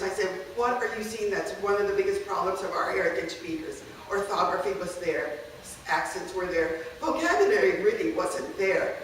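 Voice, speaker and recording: A woman's voice: medium pitch, slight background noise. Woman lecturing in an echoey room. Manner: explanatory, frequent checking okays, mixes in Spanish phrases. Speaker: university Spanish instructor giving a workshop talk. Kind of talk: workshop presentation. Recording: echoey room, speaker far from mic.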